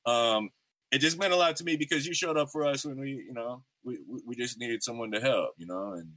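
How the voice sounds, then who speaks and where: A man's voice: medium pitch, fairly quick, a bit bright, dry recording. A man in his thirties hosting a podcast, telling stories in a laid-back, slangy way with lots of fillers. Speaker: podcast host. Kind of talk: casual interview chat.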